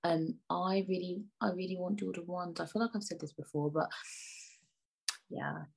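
A woman's voice: fairly low pitch, steady tone, normal speed, gravelly, darkish tone, slightly rough. A young woman hosting her own podcast, chatting in a rambling, playfully indignant way and sometimes dropping into near-whispered asides. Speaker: podcast host. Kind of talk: casual solo podcast chat.

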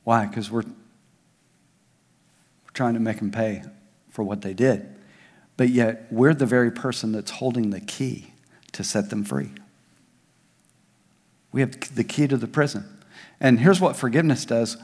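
A male pastor preaching a sermon, swinging between raised emphasis and soft, hushed asides. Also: medium pitch, unhurried, long pauses, slightly rough. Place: large church hall. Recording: long hall reverb.

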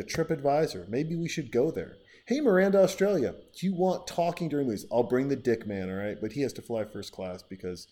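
Rambling, profane male podcast host. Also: mid-range voice. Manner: rambling, profane, riffing with listener shout-outs. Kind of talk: casual podcast chat.

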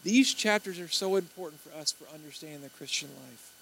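Male preacher, higher-pitched voice, storytelling delivery that acts out the people he quotes. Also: a little fast, vocal fry, fairly bright tone, a little hiss or hum, rough recording. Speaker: pastor. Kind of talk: sermon.

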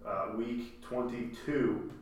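A man's voice: mid-range voice, slow, a little hiss or hum. A man co-hosting a podcast in casual sports chat, joking and laughing often. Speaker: podcast co-host. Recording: echoey room, mic at a distance.

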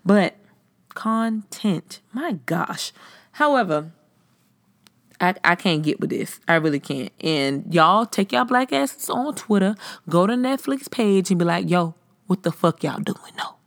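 A woman's voice: medium pitch, slow, vocal fry, no room sound, studio quality. Profane ranting podcast woman. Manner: blunt, profane, animated ranting. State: tipsy, slightly slurring. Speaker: podcast host. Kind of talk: casual podcast chat.

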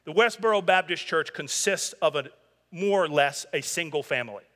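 Man, pastor, earnest preaching, forceful tone, long hall echo. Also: on the high side, normal speed. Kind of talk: sermon.

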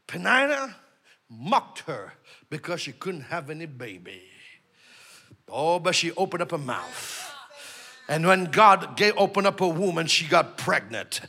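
During a church service, a man preaches a sermon in a high, creaky voice. He shouts call-and-response lines to the congregation, then drops into a quiet storytelling tone.

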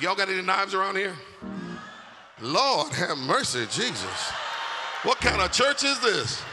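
High-voiced preacher shouting in a hall. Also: male voice. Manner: shouting, sing-song call-and-response preaching. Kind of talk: sermon. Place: church sanctuary. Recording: music and long hall reverb.

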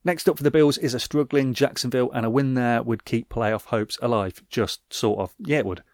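A man's voice: medium pitch, fairly even intonation, moderate pace, a little mellow, dry recording. A man hosting a podcast, reading a scripted football recap with wry, dry asides. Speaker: podcast host.

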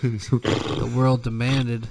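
A man's voice: medium pitch, level tone, extremely slow, vocal fry, darkish tone, slight background noise. A man co-hosting a casual podcast, rowdy and profane, laughing a lot. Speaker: podcast co-host.

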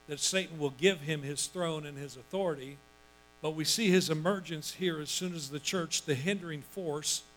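A male pastor preaching a sermon, reading scripture and breaking into loud, emphatic asides and acted-out quotes. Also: on the high side, poor audio.

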